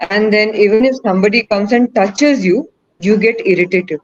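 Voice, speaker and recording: A woman's voice: medium pitch, moderate pace, darkish tone. Encouraging woman, lo-fi call. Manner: asks the audience questions, coaxing and encouraging. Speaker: webinar presenter. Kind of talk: interactive online teaching talk.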